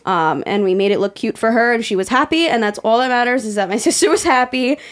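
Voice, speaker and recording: A young woman co-hosting a podcast in casual chat, telling stories animatedly with plenty of swearing. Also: fast. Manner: animated storytelling, swears freely, voice jumps high when quoting. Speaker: podcast co-host.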